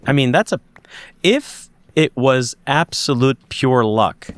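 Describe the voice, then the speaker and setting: A man's voice: medium pitch, expressive, slow, dry recording. A man, a podcast guest and investigator, recounting a strange sighting in an emphatic way, often restarting and searching for words.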